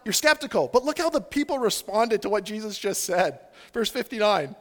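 A man preaching a sermon in a casual, animated way, peppering his talk with "like" and acting out the voices of the people he quotes. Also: sits high, brisk, few pauses, big-room sound. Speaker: pastor.

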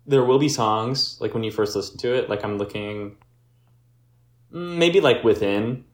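Brief: male podcast co-host, lowish voice, fumbles for words, echoey room. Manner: halting, searches for words. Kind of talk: casual music chat.

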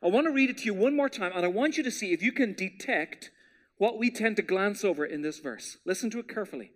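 A man preaching a sermon as pastor, in a conversational style that drops to hushed tones for scripture. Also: high-pitched, lively intonation, quick pace.

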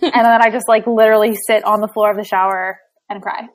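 A woman's voice: medium pitch, fast. A young woman co-hosting a casual parenting podcast, telling frank stories and acting out exchanges with her family. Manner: frank, animated storytelling, acts out exchanges. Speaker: podcast co-host, mother. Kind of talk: casual chat.

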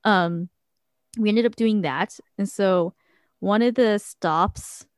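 A woman's voice: mid-range voice, slow, no echo, clean studio sound. A young woman chatting casually and telling a story, laughing often and using plenty of fillers. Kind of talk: casual chat.

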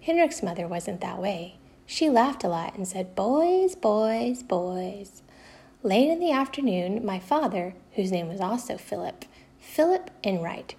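A woman reads a first-person novel chapter aloud for a class. Her telling is steady and even, slipping briefly into the voices of the characters. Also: medium pitch, creaky. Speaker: reader.

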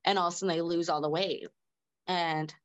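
A woman with a lowish voice and fairly even intonation tells stories casually as a podcast guest, speaking fairly quickly. She's chatty, laughs often, and fills her speech with "like," and the recording's highs are cut off.

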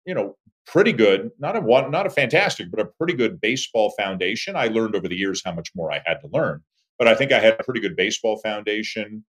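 A man in his fifties, a sportscaster, telling stories about his career as an animated interview guest. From Toronto, Canada. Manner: animated storyteller, lively swings in pitch and volume. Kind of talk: conversational interview storytelling.

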